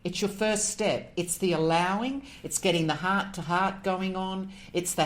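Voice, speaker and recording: A woman, a podcast guest, telling a personal story in an animated, emotional way and acting out the voices in it. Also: fairly low pitch, normal speed, few pauses. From Australia. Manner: emotional, moved near tears.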